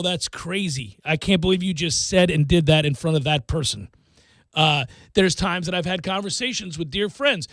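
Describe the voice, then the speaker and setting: High-voiced animated radio host man. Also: dry recording. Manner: animated, acts out quotes in bursts. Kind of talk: casual talk radio banter. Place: radio studio.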